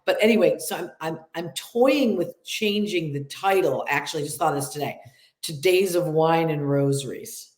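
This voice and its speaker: A woman's voice: sits low, moderate pace, darkish tone, reverberant. Nasal upstate new york woman, chatty. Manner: chatty, laughs often, acts out quotes. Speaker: actress guest. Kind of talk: casual interview chat.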